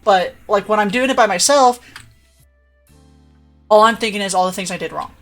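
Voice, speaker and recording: A woman's voice: medium pitch, moderate pace, soft background music. A woman livestreamer telling a story in casual chat, laughing often and acting out the voices of the people she quotes.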